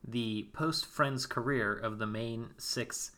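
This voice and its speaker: A man's voice: medium pitch, takes it slowly, pushed and bright. A man co-hosting a podcast, chatting casually and rambling with many fillers. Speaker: podcast co-host.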